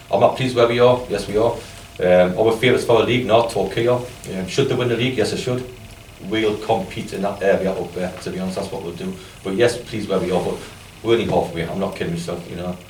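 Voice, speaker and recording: Man, football manager, strong accent, rapid and self-mocking; distant, roomy press-conference sound. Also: low-pitched, darkish tone. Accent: strong regional accent. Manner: chatty, self-deprecating, laughs at own stories. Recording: echoey room, distant mic, faint noise.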